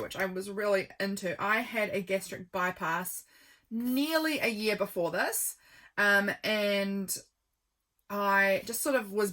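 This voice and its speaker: A woman vlogger chatting through a journal flip-through, rambling and affectionate, with many ums and quiet trailing asides. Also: medium pitch.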